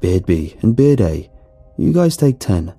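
Male narrator as a calm crew boss, low, husky, blunt. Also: unhurried, soft background music, full character voice.

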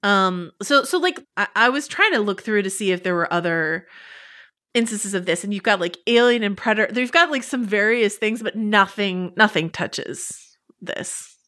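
A woman's voice: medium pitch, expressive, normal speed, bright, forceful tone. A woman guest talking casually and chattily, with frequent fillers. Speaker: guest commentator. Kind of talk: casual chat.

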